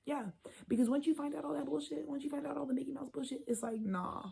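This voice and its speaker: A woman's voice: high-pitched, fast talker, gravelly, mellow, slight background noise, rough recording. A woman giving a casual tarot reading, blunt and profane, rambling and sometimes dropping into a whisper. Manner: drops into whispers. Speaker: tarot reader.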